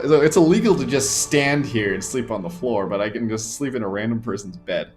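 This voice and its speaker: A man at a mid-range pitch talks through his game as he plays, musing aloud and chuckling. His sentences often trail off unfinished. Quiet game music runs underneath. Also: animated, a little fast, few pauses. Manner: thinks aloud, chuckles, mumbles half-sentences. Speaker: gamer, channel host. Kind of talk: casual gameplay commentary.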